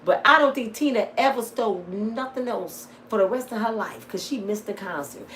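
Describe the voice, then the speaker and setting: A middle-aged woman talking to her viewers in a casual vlog, swinging from lively storytelling to heated, preaching talk. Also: a little high, normal speed, slight background noise. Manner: plain-spoken, addresses viewers as y'all. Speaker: vlogger. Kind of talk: casual storytelling and emotional monologue.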